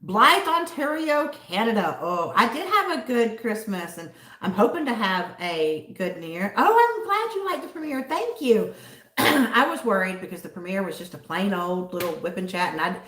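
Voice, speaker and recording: A woman's voice: mid-range voice, expressive, moderate pace, fairly bright tone. Rambling woman streamer, roomy echo. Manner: rambling, chatty, answers viewers by name. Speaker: livestream host reading chat. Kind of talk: casual chat. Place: home in a city. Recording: roomy echo, distant from the mic.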